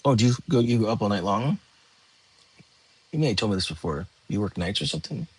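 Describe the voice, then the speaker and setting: A tired young man, hosting a relaxed livestream and chatting with viewers from home. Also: on the low side, a little fast, breathy edge. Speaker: livestream host. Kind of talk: casual livestream chat. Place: home, lying down.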